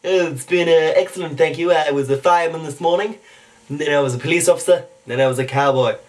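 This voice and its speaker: A man's voice: a little high, fast, lightly acted. A man voicing a haughty, scheming baby boy with a prim, clipped manner, in improvised impressions. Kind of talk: improvised one-take impressions. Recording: distant home mic.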